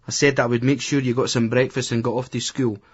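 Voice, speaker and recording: A man reading an audiobook, voicing a strict, fed-up middle-aged mother who scolds in a shrill, clipped Scottish voice. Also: flat delivery, fast, breathy edge, close to an everyday voice. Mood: scolding. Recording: dull lo-fi audiobook recording.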